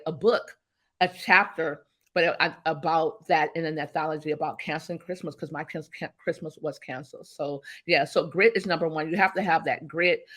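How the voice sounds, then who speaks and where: A woman guest, a business strategist, talking emphatically and telling animated stories in an interview. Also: fairly low pitch. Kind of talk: motivational interview talk.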